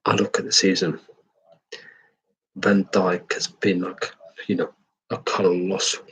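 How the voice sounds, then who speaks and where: A man's voice: low-pitched, flat delivery, measured pace, a bit bright, slightly rough, poor audio. An English man giving an opinionated, rambling football match review, swearing freely. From England.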